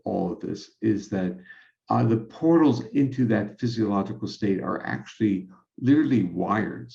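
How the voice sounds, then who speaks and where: Older male guest, gravelly low voice, measured explainer, roomy dull recording. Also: darkish tone. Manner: measured, explanatory, laughs often. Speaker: guest scientist. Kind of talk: explanatory interview talk.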